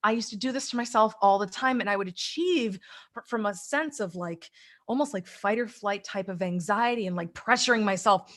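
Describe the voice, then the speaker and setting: A woman's voice: medium pitch, moderate pace. A middle-aged woman, a life coach, talking energetically in an interview and acting out the voices in her head. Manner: energetic, acts out inner voices. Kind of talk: interview, motivational talk.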